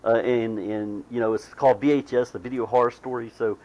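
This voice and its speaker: A man with a Southern US accent, hosting a podcast in casual chat, talking in a drawn-out, halting way with fillers. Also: mid-range voice, fairly even intonation, darkish tone. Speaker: podcast host. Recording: slightly dull lo-fi sound.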